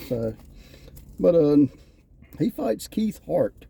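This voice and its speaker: Guy, really dark mellow voice, chatting about old wrestling shows, acts out the lines. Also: on the high side, slow pace, creaky, husky. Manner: animated storyteller, acts out quotes. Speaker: podcast co-host reviewing wrestling. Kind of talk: casual chat.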